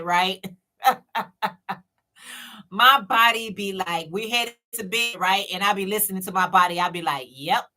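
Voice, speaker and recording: A woman with a bright, ringing voice hosts a casual live stream from home. She talks in a loose, chatty way, circling back over her own phrases and calling out to her viewers as she goes. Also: mid-range voice. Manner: chatty, repeats herself, speaks straight to viewers. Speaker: channel host.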